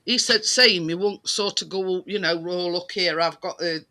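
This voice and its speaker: High, bright-voiced man. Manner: rambling, halting, many fillers. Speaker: participant in a group chat. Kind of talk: casual chat.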